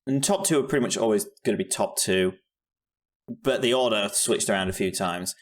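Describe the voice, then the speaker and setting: A young man with a lowish voice chatting casually about albums. He hesitates and restarts often, filling gaps with ums. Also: brisk. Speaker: podcast co-host reviewing albums. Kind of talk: casual chat.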